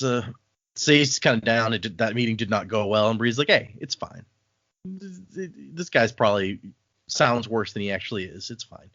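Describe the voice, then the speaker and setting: A man's voice: medium pitch, a bit bright, no echo, highs cut off. A man co-hosting a casual book podcast, retelling scenes and slipping into the characters' lines as he goes. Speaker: podcast co-host.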